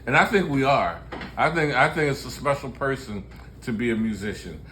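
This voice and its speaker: A man's voice: medium pitch, lively intonation, moderate pace, bright, forceful tone, a little hiss or hum. A man in his sixties from Baltimore, a musician telling stories in a candid, joking way and laughing often in casual chat. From Baltimore, USA. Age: 60s. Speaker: musician and show host.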